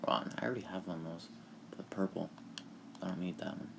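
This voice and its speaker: A man's voice: low voice, fast, gravelly, background noise. A young man casually retelling a fan-made anime story while playing a video game, full of fillers, restarts and offhand swearing.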